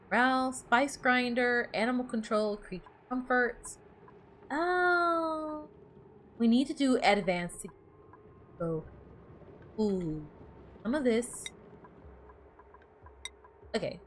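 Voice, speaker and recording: A woman's voice: fairly high pitch, a little hiss or hum. A woman streamer chatting casually while she plays, reading game text aloud and laughing easily. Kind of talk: casual gameplay commentary.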